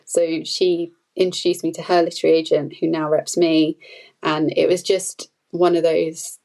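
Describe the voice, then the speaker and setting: Woman, low gravelly tone, relaxed rambling chat. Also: moderate pace, rough recording. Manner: chatty, rambling, with frequent fillers and laughs. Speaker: podcast guest, food photographer. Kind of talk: casual conversational interview.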